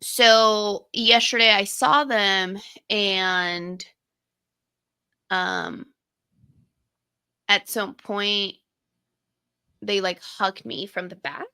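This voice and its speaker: A woman's voice: medium pitch, very slow, long pauses, pushed and bright, clean tone. A young woman co-hosting a podcast, talking candidly and casually, swearing now and then as she retells personal moments. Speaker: podcast co-host. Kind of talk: casual conversation.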